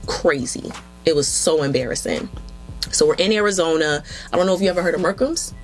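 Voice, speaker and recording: A woman guest in a casual interview, telling stories in an animated way and acting out quotes. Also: low voice, a little fast, faint music behind. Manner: animated, acts out quotes with lots of "yo". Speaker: interview guest, film director and photographer.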